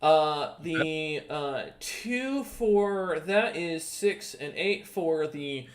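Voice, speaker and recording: A man serves as dungeon master for an online tabletop game, his voice on the high side with lively intonation. His casual talk stumbles along with plenty of ums and uhs and an occasional curse.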